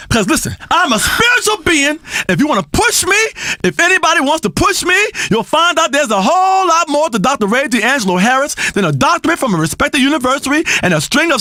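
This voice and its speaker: An actor playing a flamboyant, erratic radio health guru who rants theatrically, swinging from crooning to shouting. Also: male voice, very high voice, no room sound, studio quality, full character voice. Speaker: radio talk show host. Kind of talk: comedic radio show acting.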